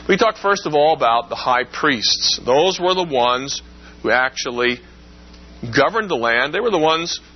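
A man lecturing in a relaxed, conversational way, explaining with everyday comparisons. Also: mid-range voice, dull audio. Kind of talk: classroom lecture.

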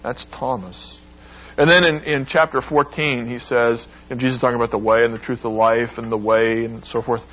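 A husky-voiced man preaching at a medium pitch, acting out the quoted lines with sudden emphatic rises. The recording is dull and lo-fi, with the top end muffled. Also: little pitch movement, normal speed. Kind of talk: sermon.

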